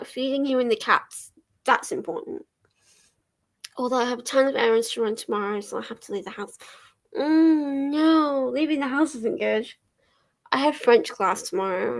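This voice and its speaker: A woman's voice: on the high side, vocal fry. A young woman chatting casually on a livestream from her living room, laughing often and swearing lightly as she answers viewers. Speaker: livestream host. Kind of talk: casual chat while reading chat aloud.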